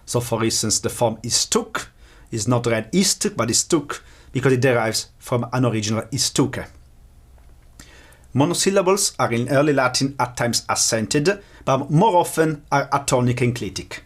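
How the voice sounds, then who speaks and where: Husky-voiced man giving a lecture. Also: mid-range voice. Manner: measured, explanatory, slows to pronounce example words. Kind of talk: academic lecture.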